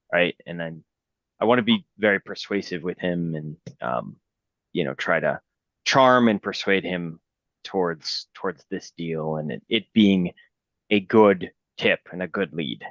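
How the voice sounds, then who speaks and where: A man's voice: deep voice, a bit bright, dry recording. A man playing a tabletop game who argues persuasively but hesitantly, often repeating words. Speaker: player. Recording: dull, dry lo-fi sound.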